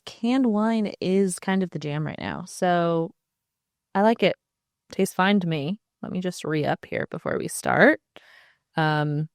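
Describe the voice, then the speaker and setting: A woman hosting her own podcast in a chatty, animated way, with jokey asides and frequent laughs. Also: fairly low pitch, dry recording, studio quality. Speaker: podcast host. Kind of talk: casual solo podcast chat.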